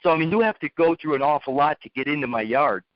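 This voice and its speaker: A man's voice: fairly high pitch, fast talker, no room sound. A man telling a rambling story to make a point, blunt, often repeating and restarting his words. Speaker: speaker telling a lesson story. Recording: dull lo-fi, dry.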